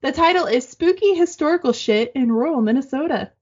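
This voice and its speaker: A woman co-hosting a podcast, reading listener stories aloud in casual, animated chat and swearing freely. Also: high voice, brisk. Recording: dull lo-fi sound.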